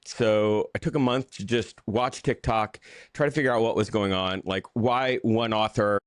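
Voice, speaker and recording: His voice sits lowish, clear and resonant, captured in studio quality without room sound. A Southern US pastor and author, he shares his story candidly and self-deprecatingly in a casual interview, frequently breaking off to restart sentences and repeating words.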